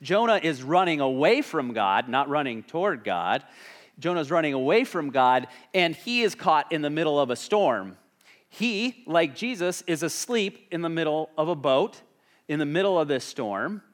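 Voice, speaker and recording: A man's voice: on the high side, very animated, moderate pace. A man preaching a sermon as a pastor, talking conversationally and asking the congregation questions.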